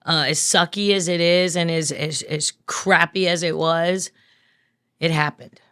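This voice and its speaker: A woman's voice: lowish voice, fairly even intonation, measured pace, fairly bright tone, smooth. A woman, a guest telling an emotional personal story in an earnest, plainspoken way with casual swearing. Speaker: guest, business owner.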